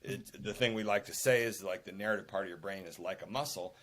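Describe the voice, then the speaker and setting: An older man, a podcast guest and author, telling anecdotes in an animated, emphatic way. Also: deep voice, fast talker. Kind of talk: conversational interview.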